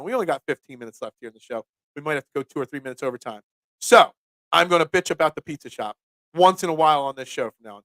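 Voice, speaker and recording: A man who hosts a casual sports talk show and rambles through animated stories. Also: fairly high pitch, no echo. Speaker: sports podcast host and pizza shop owner.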